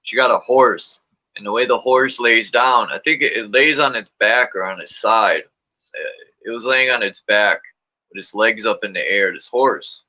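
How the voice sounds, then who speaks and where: Bright-voiced man telling stories on a stream. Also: on the low side, moderate pace. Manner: storytelling, acts out quotes with big voice jumps, swears. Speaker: livestream host. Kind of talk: casual chat. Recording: muffled livestream audio.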